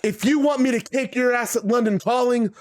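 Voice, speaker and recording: A man voicing a cold, defiant male wrestler who speaks calm threats. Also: very high-pitched, fairly quick.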